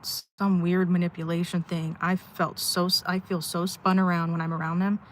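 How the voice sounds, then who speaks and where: A woman's voice: on the low side, flat delivery, moderate pace, a little hiss or hum. A woman livestreaming from inside her car at a rest stop, venting candidly and rambling with sighs. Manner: rambling, sighing, heartfelt venting. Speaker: live streamer.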